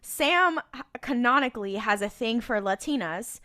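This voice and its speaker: High-voiced, animated woman co-host. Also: normal speed. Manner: lively, blunt, swears freely. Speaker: podcast co-host. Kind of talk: casual recap chat.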